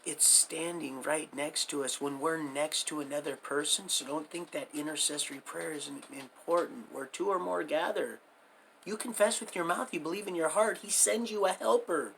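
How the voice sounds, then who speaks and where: A middle-aged man with a gravelly, rough-edged voice rambles through a life story and slides into folksy preaching. His tone is sharp and forward, and he calls his listeners beloved as he talks to them. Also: on the high side, normal speed, a little hiss or hum. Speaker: livestream host.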